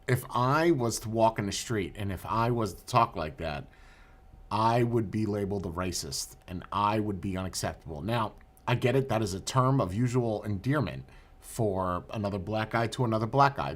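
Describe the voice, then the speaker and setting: A man hosting a podcast, reacting to protest clips with incredulous questions and stammering restarts. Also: on the low side. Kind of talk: commentary over video clips.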